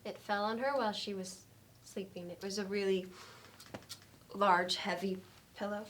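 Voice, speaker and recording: An actress playing a bitter, suicidal middle-aged woman who speaks in a dry, deadpan way, hesitant with ums. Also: mid-range voice, normal speed, natural voice. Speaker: actor in a scene. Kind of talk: stage comedy scene. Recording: faint noise in a training studio.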